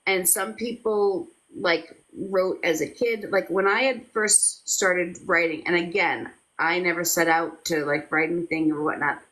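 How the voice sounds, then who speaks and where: A woman hosts a casual video chat with a lowish voice. She talks in a chatty, encouraging way. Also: fairly even intonation, unhurried, few pauses, a bit bright, rough recording. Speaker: host.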